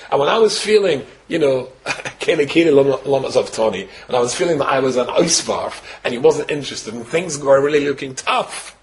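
An older man from Scotland in his sixties, a rabbi telling a personal story with wry humor, dropping to a hush and then rising to exclaim. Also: medium pitch, animated, a little fast, hardly any pauses, a little hiss or hum, low-quality recording. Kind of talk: personal story told to a host.

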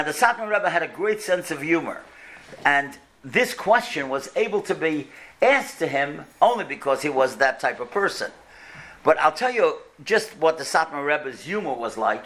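A man's voice: fairly high pitch, fairly bright tone. A man giving a sermon, telling stories and building earnestly to emphatic points and rhetorical questions. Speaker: religious speaker. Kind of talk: sermon with storytelling.

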